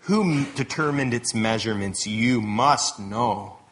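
A man doing a stern, commanding God who speaks from a whirlwind in a low, slow voice. Each question comes measured and imposing, with a bright, forceful edge. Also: natural voice.

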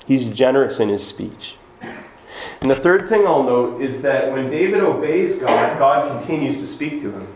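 Male pastor, mid-pitched, conversational sermon delivery, echoey room with faint background hum. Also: animated, moderate pace. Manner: conversational preaching, acts out quoted voices.

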